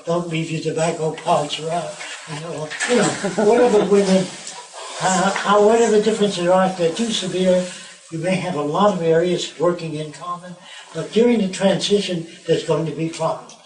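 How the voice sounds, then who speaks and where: A man's voice: sits high, moderate pace, noisy background. A man telling a long story in a conversational way, with restarts and retold scenes. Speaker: tour guide and speaker. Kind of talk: rambling spoken storytelling. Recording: roomy, distant mic, faint background.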